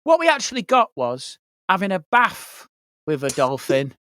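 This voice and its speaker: A man's voice: high voice, huge pitch swings, moderate pace, pushed and bright, no echo, clean studio sound. A man, a guest comedian, telling funny anecdotes on a podcast and slipping into mock-posh voices for quotes. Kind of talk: comic storytelling on a podcast. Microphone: podcast mic.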